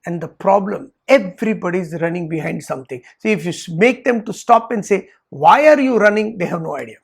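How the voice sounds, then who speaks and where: A man's voice: sits high, quick pace, creaky, slightly rough. A man teaching Vedanta, telling a story in an emphatic, preaching way. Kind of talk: spiritual talk with storytelling.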